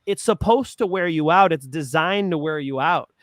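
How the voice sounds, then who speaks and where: A man co-hosting a casual sports betting podcast, animated and swearing freely. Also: on the high side, normal speed, dry recording. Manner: animated, swearing, rising emotion. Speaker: co-host of a betting picks show.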